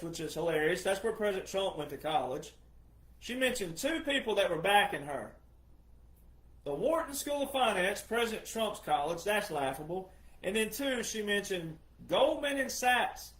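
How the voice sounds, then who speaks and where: A man hosting his own show, giving an opinionated, scornful monologue that swings from low mutters to loud outbursts. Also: big pitch swings, moderate pace. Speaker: political commentator host. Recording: echoey room.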